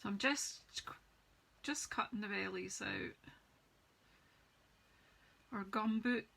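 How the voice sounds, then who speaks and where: A woman's voice: medium pitch, slow, gravelly, fairly bright tone, low-quality recording. A woman chatting casually as she demonstrates card-making on a live stream, greeting viewers by name as she works. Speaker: craft demonstrator. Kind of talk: live-streamed craft demo chat.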